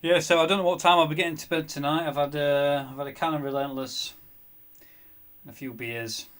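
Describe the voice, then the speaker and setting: A man's voice: fairly high pitch, steady tone, a little fast, fairly bright tone. A man chatting casually on a live gaming stream, often muttering to himself as he plays.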